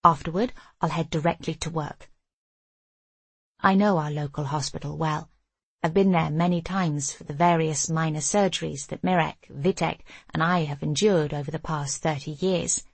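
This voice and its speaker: Low gravelly older woman narrating. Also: fairly even intonation, moderate pace, no room sound. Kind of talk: audiobook memoir narration.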